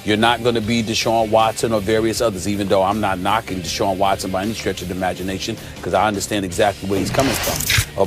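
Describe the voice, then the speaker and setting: Hosting a sports debate show, a man with a fairly low voice argues emphatically, laying out his points one after another with frequent uhs.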